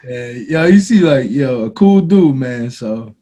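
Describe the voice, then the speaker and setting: A man hosting a casual interview, friendly and eager, tossing out quick questions with lots of "yo". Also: medium pitch, expressive, mellow. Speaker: interview host, channel owner.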